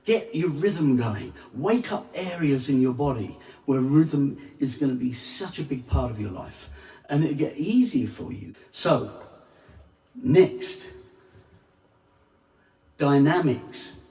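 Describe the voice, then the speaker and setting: A man teaching singing to camera as a vocal coach, talking in an unhurried, emphatic way and breaking into sung vowels and scat syllables to demonstrate. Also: medium pitch, lively intonation, warm tone, distant mic. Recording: roomy, off-mic sound with faint music.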